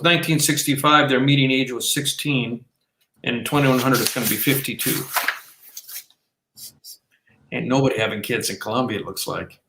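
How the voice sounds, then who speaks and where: A man's voice: mid-range voice, a bit bright. A man co-hosting a casual podcast, talking in a rambling way with many restarts and fillers. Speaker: podcast co-host. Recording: roomy echo.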